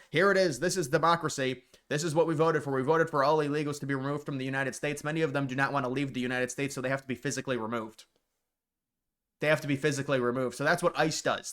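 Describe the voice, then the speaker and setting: A man's voice: mid-range voice, fairly bright tone. A man delivering a casual solo political commentary, rambling with frequent restarts and sarcastic asides.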